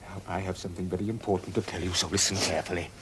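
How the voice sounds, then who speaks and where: An actor plays an aging Roman emperor, weary and anxious, speaking with measured earnestness. His voice sits very low. A faint hiss lies under the old television recording. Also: steady tone, close to an everyday voice. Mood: earnest. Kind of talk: television period drama acting.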